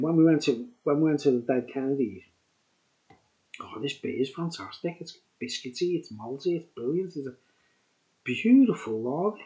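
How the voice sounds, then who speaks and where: A man's voice: fairly high pitch, a little mellow, lo-fi sound. A middle-aged man, tipsy and rambling as he reviews a beer, chuckling and saying "like" a lot. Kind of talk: rambling casual chat.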